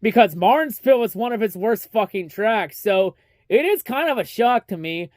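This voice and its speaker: A man's voice: high-pitched, animated, normal speed, darkish tone, no room sound. A young man giving a casual, profanity-heavy race recap, ranting and mocking as he talks. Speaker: racing recap vlogger.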